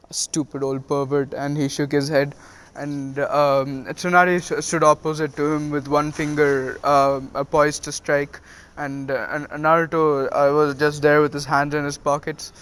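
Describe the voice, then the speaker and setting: Smooth-voiced man retelling a fan story. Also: a little high. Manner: heavy with "uh" fillers and "he was like" retelling. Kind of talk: casual fan-fiction storytelling.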